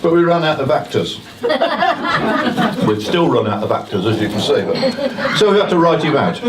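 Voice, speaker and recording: A man's voice: on the high side, huge pitch swings, moderate pace, over a noisy crowd. A man introducing an amateur pantomime to a live audience, chatty and self-mocking with jokey asides. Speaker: pantomime compere. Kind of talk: comic stage introduction. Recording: echoey, distant live room, noisy.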